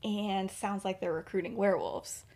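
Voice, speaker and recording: A woman's voice: medium pitch, steady tone, normal speed, darkish tone, lightly acted. A woman doing a worried father. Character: worried middle-aged father warning his son.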